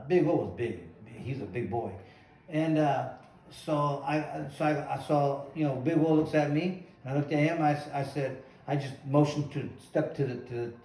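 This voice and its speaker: A man's voice: medium pitch, mellow, a little hiss or hum. A middle-aged man hosting a casual chat, telling rambling stories and acting out what people said. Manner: rambling, acts out quotes. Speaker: host, former boxer. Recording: echoey room, mic at a distance.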